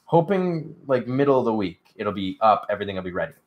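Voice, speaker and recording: Yawning and drowsy, a young livestream host talks fast in a lowish voice with big pitch swings; the highs are cut off. He rambles casually, leans on fillers, and reads out and responds to chat.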